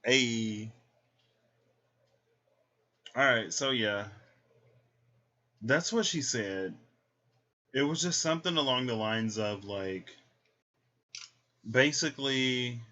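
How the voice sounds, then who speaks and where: In a dull, lo-fi recording with slight background noise, a tarot vlogger meanders through thoughts on his dreams and tarot cards. His voice is on the low side, bright and forceful, though his casual delivery stays hesitant.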